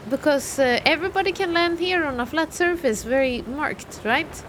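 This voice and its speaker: A woman's voice: high voice, normal speed, fairly bright tone, a little hiss or hum. A young woman streaming a game live, chatty and thinking aloud while talking to her chat. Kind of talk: live gameplay commentary.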